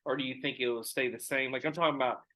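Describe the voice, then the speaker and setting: A man's voice: medium pitch, steady tone, sharp tone, low-quality recording. A man hosting a casual podcast, easygoing and full of fillers, recorded outdoors in a backyard. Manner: easygoing, many fillers and restarts, quick backchannels. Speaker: podcast host.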